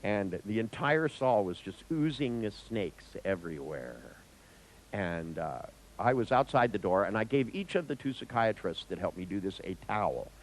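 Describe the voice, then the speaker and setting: A man telling an anecdote in a lecture, acting out the voices with big jumps in pitch, swearing now and then and laughing at his own tale. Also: lively intonation, moderate pace, rough recording. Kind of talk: storytelling in a lecture.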